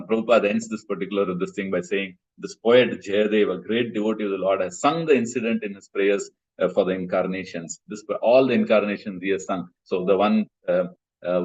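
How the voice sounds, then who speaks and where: A man's voice: low voice, darkish tone. A man, teaching a scripture class over a video call and explaining in a patient, hesitant way with many fillers. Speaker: spiritual class speaker. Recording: muffled video call audio.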